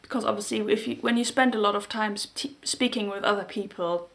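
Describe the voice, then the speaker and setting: German-accented woman chatting to camera about knitting, halting, lots of pauses hunting for words, plain mid voice. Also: medium pitch. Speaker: knitting podcast host. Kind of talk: casual chat to camera.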